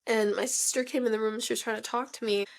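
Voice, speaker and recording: A woman's voice: on the high side, steady tone, fast talker, gravelly. Emotional young woman telling her story. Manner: emotional, heavy use of "like". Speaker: podcast host. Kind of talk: personal storytelling.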